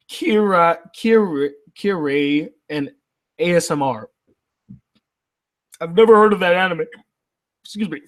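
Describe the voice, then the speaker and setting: A man's voice: on the high side, fairly bright tone. A man hosting a casual livestream, reading viewer messages aloud and answering them in a loose, profane way. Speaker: anime reviewer reading live chat.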